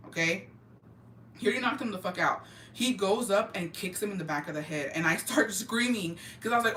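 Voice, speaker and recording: A woman's voice: medium pitch, a bit bright. A woman telling a gossip story to her viewers in a casual, profane, emphatic way, dropping Spanish phrases into her English. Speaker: vlogger. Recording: roomy, distant mic, faint ambient noise.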